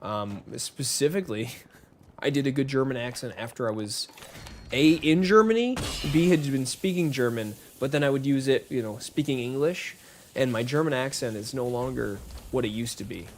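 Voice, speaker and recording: An animated, medium-pitched man speaks at normal speed over a little hiss or hum while live-streaming a shooter game. This gaming streamer chats casually with viewers, greeting them by name in a rambling, friendly manner.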